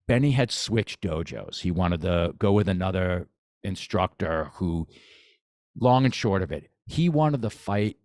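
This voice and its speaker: Guesting on a casual podcast, a boxing coach talks eagerly, repeating phrases and frequently beginning his sentences again. His voice sits low and sounds a little mellow. The recording is dry and studio quality.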